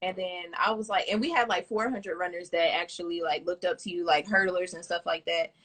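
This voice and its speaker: A woman's voice: on the low side, steady tone, a little fast, a bit bright. A woman in her twenties hosting a casual live-stream interview, talking chattily with lots of filler words. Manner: chatty, filler-heavy, rambling. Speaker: host.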